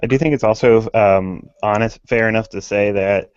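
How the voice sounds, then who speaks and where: A young man in a casual podcast chat, speaking in a measured, thoughtful way with some hesitation. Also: on the low side, fairly even intonation, smooth, no room sound. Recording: dry, dull lo-fi audio.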